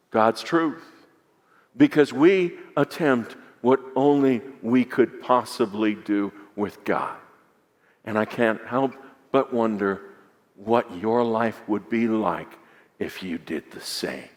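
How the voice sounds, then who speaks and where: A man preaching a sermon as pastor, dropping to hushed lows and climbing to emphatic peaks, asking the congregation to repeat lines back. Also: animated, slow. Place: large church sanctuary. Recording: long hall reverb.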